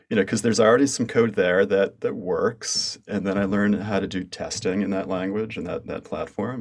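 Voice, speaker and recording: An American man with a very deep voice hosts a relaxed interview. He chats eagerly and often stumbles and restarts his phrases as he shares his own ideas. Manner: enthusiastic, stammering restarts. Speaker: podcast host. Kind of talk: casual interview conversation.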